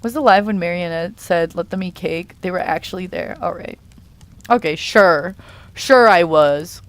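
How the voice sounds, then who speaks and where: A woman's voice: fairly low pitch, normal speed. A young woman chatting casually on a live stream while she draws, playfully reading and answering chat messages. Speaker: art streamer.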